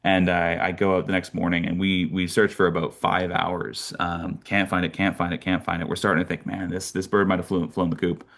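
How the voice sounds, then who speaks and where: A young Canadian man telling lively birding stories in a casual talk, with many fillers and restarts. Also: deep voice, a little fast, vocal fry, hardly any pauses. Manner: animated storyteller, many fillers and restarts, laughs often. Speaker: birder giving a talk.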